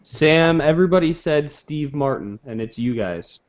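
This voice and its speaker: A man's voice: a little high, lively intonation, moderate pace. A man hosting a joking quiz host, lo-fi. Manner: joking, running the scores. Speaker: game show host. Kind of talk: casual live game show chat.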